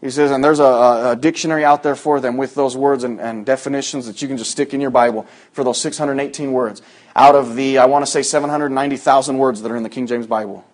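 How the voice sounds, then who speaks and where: A man preaching a conversational sermon to a congregation, acting out quoted voices in sudden loud bursts. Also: medium pitch, steady tone, quick pace.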